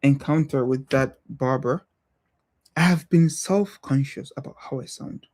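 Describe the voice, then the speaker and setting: A young man with a non-American accent talks through his thoughts on a livestream. His voice is mellow and relaxed, and he speaks in a thoughtful, halting way with frequent pauses and restarts. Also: medium pitch. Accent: non-American English accent. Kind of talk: casual reflective livestream talk.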